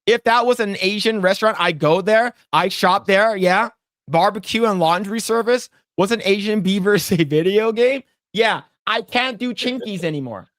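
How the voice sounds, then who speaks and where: A man's voice: high voice, moderate pace, a bit bright, no room sound, studio quality. A man co-hosting a podcast, chatting casually while he draws, rambling and repeating himself and swearing freely when annoyed. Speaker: podcast co-host. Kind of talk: casual chat while drawing on stream.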